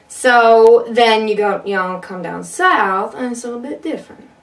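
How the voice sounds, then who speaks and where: A woman's voice: on the high side, normal speed, hardly any pauses, distant mic. A woman accent coach in a video tutorial, playful and demonstrating regional accents by example. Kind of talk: video tutorial played back.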